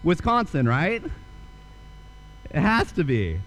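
A man's voice: fairly high pitch, wildly swooping pitch, slow pace, fairly bright tone, rough recording. A young man preaching a sermon, telling a story and then asking earnest rhetorical questions. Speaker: pastor.

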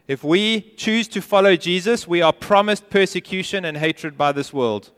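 A man preaching a sermon as pastor, earnest and emphatic, sometimes dropping to a quiet intensity. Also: sits high, unhurried, smooth. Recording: long hall reverb.

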